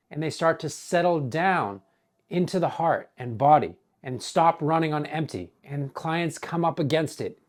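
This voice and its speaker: A man, a wellness coach, in earnest scripted narration with a measured delivery and dramatic pauses, his voice hoarse. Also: a little high, a little mellow.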